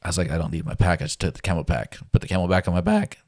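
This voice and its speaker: A guest with a very low voice tells a survival story in a laid-back, casual way, talking very fast. He laughs often and acts out what people said to him, and the recording is close and dry with no echo.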